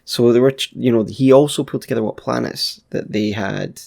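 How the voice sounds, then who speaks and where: A man's voice: medium pitch, brisk, vocal fry, darkish tone. A man casually commenting on his gameplay as a gaming YouTuber, chatty and laid-back with playful asides.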